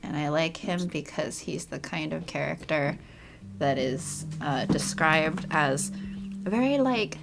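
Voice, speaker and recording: A woman's voice: low voice, slow pace, creaky. A woman co-hosting a game stream, rambling in casual chat, swearing and laughing. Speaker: streamer, co-host. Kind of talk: casual let's-play chat. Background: game music.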